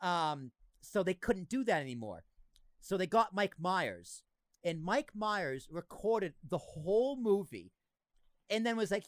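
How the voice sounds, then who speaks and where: A young man hosting a podcast, chatting casually in an excitable, joking way with frequent swearing. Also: high voice, unhurried, dry recording. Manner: excitable, swearing, riffs and jokes. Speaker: podcast host.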